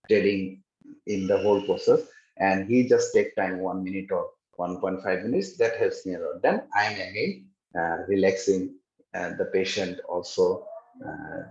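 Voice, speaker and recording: A man with a low voice talks through his exam experience, stopping often to search for words. His call audio sounds dull and roomy, as if from a bare room. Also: darkish tone. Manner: halting, many pauses and fillers. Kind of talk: casual interview over a video call. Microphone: video call.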